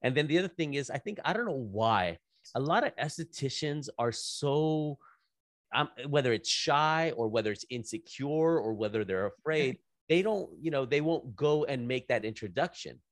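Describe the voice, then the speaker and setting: A man's voice: medium pitch, normal speed, no echo. Guy hosting a chatty interview, keeps restarting his sentences, dry close sound. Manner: animated, repeats words as he restarts sentences. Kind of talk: casual conversational interview.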